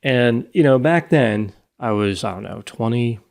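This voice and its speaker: A man's voice: mid-range voice, animated, a little slow, vocal fry, darkish tone. A middle-aged man co-hosting a podcast, telling a rambling story in casual chat and correcting himself as he goes. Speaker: podcast co-host.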